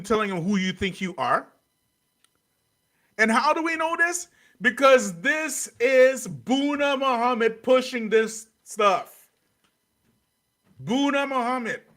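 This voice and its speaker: A man's voice: very high voice, pushed and bright. A man hosting a livestream commentary, scornful and repeating his points with rhetorical questions. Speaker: host.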